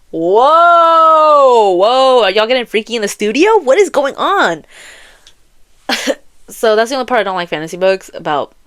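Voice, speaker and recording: A woman's voice: mid-range voice, a bit bright. A young woman hosting a solo podcast, venting in a heated, profane, repetitive way and breaking into laughs. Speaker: podcast host.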